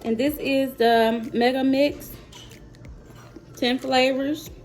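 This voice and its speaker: Slow-talking woman, chatty vlogger. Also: high-pitched, fairly even intonation, a little mellow, faint music behind. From Mississippi, USA. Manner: chatty and playful, talking straight to viewers. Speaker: mother and vlogger tasting snacks. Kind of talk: casual chat to camera.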